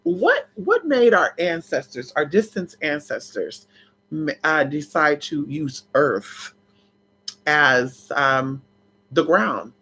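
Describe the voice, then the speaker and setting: Sassy spiritual vlogger, bright and forceful, swooping pitch, on a camera mic. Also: sing-song, slow, slight background noise. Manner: sassy and dramatic, big swoops in pitch, laughs and shouts. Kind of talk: casual livestream chat.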